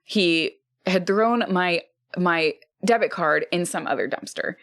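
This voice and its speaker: A woman co-hosting a podcast, telling a story in casual, animated chat, swearing freely and acting out what people said. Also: on the low side, measured pace, dry recording, clean studio sound. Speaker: podcast co-host.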